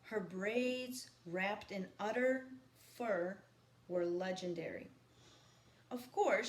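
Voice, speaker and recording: A woman teacher reading a novel aloud to her students, stopping for quiet teaching asides. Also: medium pitch. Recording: echoey room with faint background noise.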